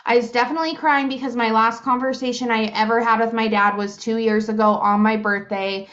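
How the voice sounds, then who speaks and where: Podcast co-host: giggly woman in her thirties, fairly high voice, muffled lo-fi sound. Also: steady tone, a little fast, a bit bright. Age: 30s. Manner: chatty, giggly, lots of fillers. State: hiccups. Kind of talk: casual chat.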